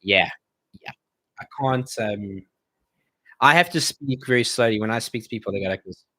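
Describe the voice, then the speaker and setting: A man's voice: fairly low pitch, normal speed, pushed and bright, no echo. Jokey man chatting on a dry mic. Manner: jokey, reads viewer comments aloud and banters. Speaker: streamer hosting a Q&A. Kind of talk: casual live stream chat.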